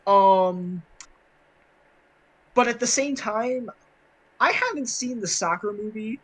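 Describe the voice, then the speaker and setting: A man's voice: high-pitched, lively intonation, takes it slowly, low-quality recording. A man co-hosting a casual podcast chat, rambling with many fillers and restarts. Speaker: podcast co-host.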